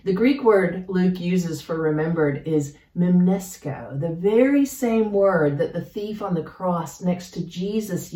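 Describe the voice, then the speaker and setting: A woman pastor delivers a sermon at an unhurried, deliberate pace, pausing for effect. Her voice is mellow and a little low. It sounds roomy, picked up from some distance across a church sanctuary. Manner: slow, measured and reflective, with dramatic pauses.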